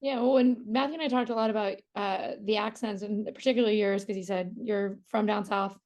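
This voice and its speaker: Fast, chatty woman interviewer. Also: medium pitch, steady tone, darkish tone. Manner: fast, chatty, full of "like" and quoted asides. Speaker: entertainment interviewer. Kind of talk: casual interview chat.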